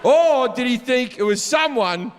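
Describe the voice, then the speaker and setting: Aussie stand-up guy, foul-mouthed and animated, yelling the punchlines, faint crowd noise behind. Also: extremely high pitch, unhurried. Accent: Australian. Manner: crude, animated, swings into shouted punchlines. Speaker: stand-up comedian. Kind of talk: stand-up storytelling. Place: large concert venue on stage. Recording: live hall reverb with faint crowd ambience.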